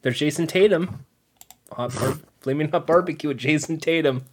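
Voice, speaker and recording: A man's voice: on the high side, moderate pace. A man co-hosting a casual chat show, joking and teasing his friend. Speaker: podcast co-host.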